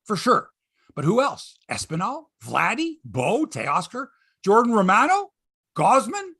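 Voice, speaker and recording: A man's voice: sits high, a little slow, husky, dry recording, clean studio sound. A man with a Canadian accent hosting a sports talk show, telling stories animatedly and swearing freely. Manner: lively storyteller, swears, mimics others. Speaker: host.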